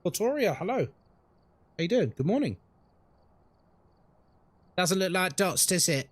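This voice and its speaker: Lively, chatty male game streamer. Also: high voice, slow pace, no echo. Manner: chatty, reads chat aloud and reacts to the game. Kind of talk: casual live-stream chat while gaming.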